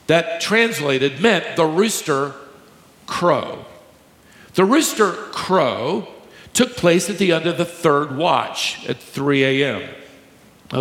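Higher-voiced male pastor in an echoey hall. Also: a bit bright. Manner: emphatic teaching, slows to stress key words, joking with the congregation. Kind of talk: sermon. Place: large church hall with a live congregation. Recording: echoey hall, long reverb.

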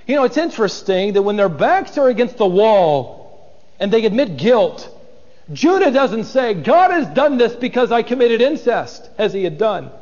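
A man's voice: high-pitched, big pitch swings, normal speed, darkish tone, long reverb tail, highs cut off. A man preaching an expository sermon, dramatic and acting out the voices of biblical figures.

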